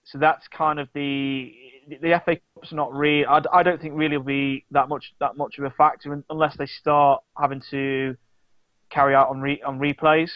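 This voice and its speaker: A fairly high-voiced man chats about football in a halting way, stopping and restarting his sentences. His voice comes through a dull, lo-fi mic in a dry room. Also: little pitch movement, no echo. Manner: halting, many restarts and fillers. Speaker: podcast co-host. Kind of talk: casual sports chat.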